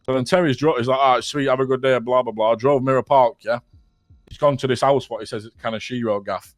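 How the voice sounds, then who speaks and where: Young man, casual rambling story, laughs often, mid pitch, dry close sound. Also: steady tone, quick pace, no echo. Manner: rambling, swears a lot, keeps laughing at his own story. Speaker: roleplay player telling a story.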